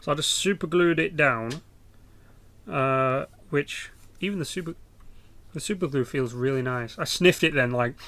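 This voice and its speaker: Gravelly, sweary English gamer. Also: male voice, medium pitch, unhurried, fairly bright tone. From England. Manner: rambling, sweary banter. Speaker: gaming YouTuber. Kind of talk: casual game commentary.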